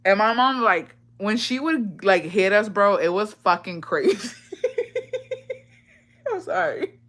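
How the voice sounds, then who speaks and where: A woman's voice: mid-range voice, unhurried, fairly bright tone. A young woman vlogger telling embarrassing childhood confessions in casual, profane slang, often breaking into laughter.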